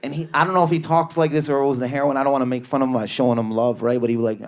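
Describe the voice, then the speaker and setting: Excitable stand-up comic man on stage. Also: medium pitch, rapid-fire, few pauses. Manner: animated storytelling, acts out family members, grows loud and excited. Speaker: stand-up comedian. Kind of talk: stand-up comedy set. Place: comedy club stage.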